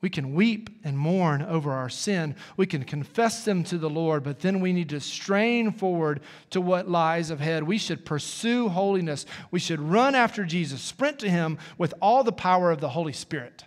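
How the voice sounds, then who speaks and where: A male pastor delivers a sermon with a slightly raised pitch and an easy, conversational style, checking in with his listeners as he goes. His voice carries through the long reverb of a church sanctuary. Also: lively intonation, moderate pace, hardly any pauses. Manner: conversational preaching, folksy asides.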